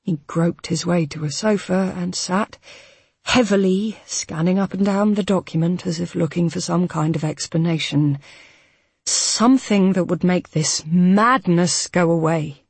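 A woman narrating a novel in a steady, even storytelling manner. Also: on the low side, measured pace, slightly rough, no room sound. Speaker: audiobook narrator.

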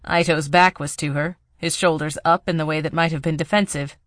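A narrator reading a tense thriller audiobook in a steady storytelling voice, recorded on a close mic. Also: medium pitch, a little fast, no echo.

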